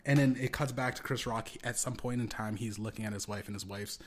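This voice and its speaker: A man with a lowish, steady voice talks fast while hosting a podcast, riffing through rambling comedic commentary full of swearing. He acts out the voices of people he quotes.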